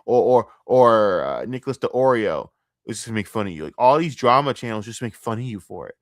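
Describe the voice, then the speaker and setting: A man on a live stream ranting about online drama in a crude, mocking, heated way, jumping between loud outbursts and low mutters. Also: big pitch swings, fairly quick, dry recording, studio quality. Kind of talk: profane live-stream rant.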